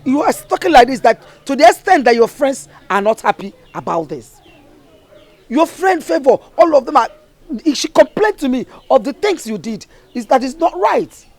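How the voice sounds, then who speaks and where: A woman's voice: high voice, sing-song, moderate pace, darkish tone, exaggerated voice. An actress with a Nigerian accent playing a worried village mother who lectures and pleads earnestly. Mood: scolding. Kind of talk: Nollywood film drama.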